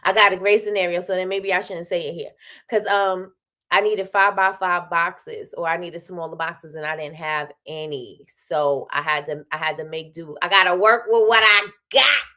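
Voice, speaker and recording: Tired chatty woman livestream host. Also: moderate pace. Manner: chatty and animated, with sudden high exclamations. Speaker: host of a daily live show. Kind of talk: casual livestream chat.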